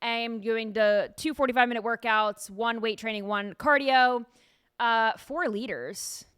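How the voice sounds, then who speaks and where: A woman podcast host in casual chat, telling stories in an animated way with frequent laughter, recorded in a studio. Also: fairly high pitch, unhurried, clear, resonant tone, dry recording.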